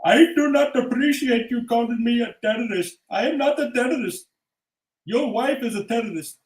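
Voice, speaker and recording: A man's voice: very high-pitched, moderate pace, far from the mic, voice pushed up. This is a prickly convenience store clerk, as a man puts him on. He keeps a raised, stiff voice and hammers each point home. The room has a noticeable echo. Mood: indignant.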